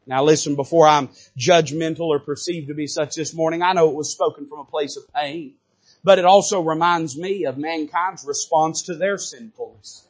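A pastor preaching a fervent sermon in a church, addressing his congregation directly and rising and falling sharply in pitch and loudness. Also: normal speed, husky. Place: church sanctuary.

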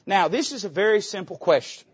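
A man's voice: high voice, animated, fairly quick, slightly rough, no echo, lo-fi sound. A male pastor preaching from a church pulpit, emphatic and folksy. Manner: emphatic, folksy, quotes old scripture aloud. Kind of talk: sermon.

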